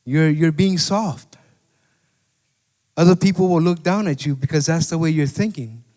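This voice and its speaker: A man preaches a sermon in a conversational way, checking in with his listeners as he goes. His voice sits a little high for a man. The sound carries a long reverb, as if from a church hall. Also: normal speed, dark tone. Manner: conversational preaching with repeated "right?" and scripture quotes. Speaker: pastor.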